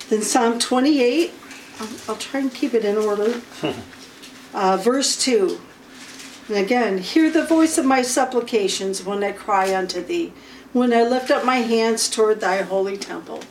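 Woman, informal Bible teaching, slow unhurried delivery, throat clearing, a bit far from the mic. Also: medium pitch. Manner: unhurried, stops often to clear her throat. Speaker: Bible study leader. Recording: faint room noise, from a distance.

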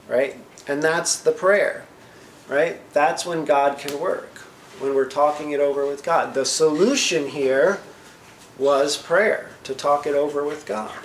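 A man's voice: on the high side, a little hiss or hum. Man preaching in an echoey church. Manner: asks the congregation questions, frequent "right?"; reads scripture slowly, then paraphrases it. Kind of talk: sermon with scripture reading. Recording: roomy echo, faint ambience.

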